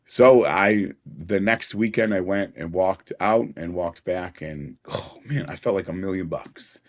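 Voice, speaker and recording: A man's voice: low-pitched, measured pace, hardly any pauses. A middle-aged man, a podcast guest, telling personal stories in an earnest way and chuckling now and then. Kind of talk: personal storytelling in a conversation.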